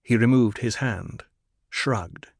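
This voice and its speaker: A man narrating a novel in an even, descriptive reading. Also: medium pitch, slow pace, creaky, breathy edge, no echo, studio quality. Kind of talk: audiobook narration.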